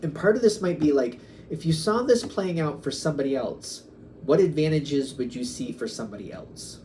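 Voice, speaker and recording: A man's voice: on the high side, animated, moderate pace, a little mellow, slight background noise. A man giving a casual tarot reading, musing aloud and acting out quoted back-and-forths. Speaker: tarot reader.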